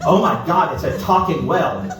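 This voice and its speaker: A man's voice: fairly high pitch, expressive, a little fast, recorded from a distance, close to an everyday voice. A man voicing a commanding, patronizing animal-rescue worker. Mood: bossy. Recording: echoey with loud music, off-mic.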